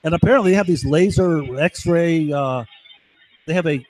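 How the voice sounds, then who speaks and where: A man's voice: a little high, moderate pace, darkish tone, low-quality recording. A man delivering an agitated, profane monologue full of accusations. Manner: ranting, profane, accusatory outbursts.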